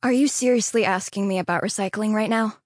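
Weary mother, clipped and flat, read by a woman audiobook narrator. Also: medium pitch, fast talker, dry recording, clean studio sound, pitched below the performer's own voice, lightly acted. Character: tired impatient working mother.

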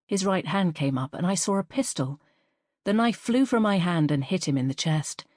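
Low-voiced woman reading a fantasy novel. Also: lively intonation, moderate pace, darkish tone, no echo, clean studio sound. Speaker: audiobook narrator. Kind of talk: first-person fantasy narration.

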